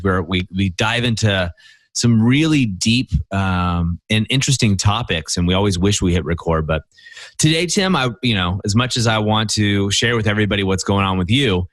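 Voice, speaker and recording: A man's voice: fairly low pitch, a bit bright, no echo. A man hosting a men's coaching podcast, telling stories emphatically with lots of "you know" and "right?". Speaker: podcast host. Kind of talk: conversational coaching talk.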